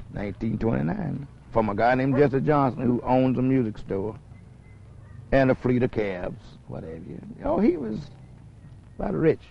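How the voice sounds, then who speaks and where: A man's voice: medium pitch, gravelly, a little hiss or hum. A man in his sixties telling rambling stories about his music career in a drawling way, acting out the other people's lines. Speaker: blues musician. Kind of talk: rambling storytelling. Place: outdoors in a city. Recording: dull old archive film audio with music.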